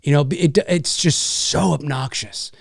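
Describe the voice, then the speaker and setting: A man's voice: on the high side, measured pace, creaky, breathy edge, no room sound, clean studio sound. A man hosting a casual livestream rant, rambling and swearing, with many restarts. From Canada. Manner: rambling, profane, frequent restarts. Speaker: YouTube host.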